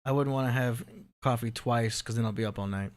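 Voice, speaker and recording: A man's voice: mid-range voice, a little fast, heavy background noise. A man co-hosting a live podcast, giving brief, plain, matter-of-fact replies. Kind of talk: casual podcast chat.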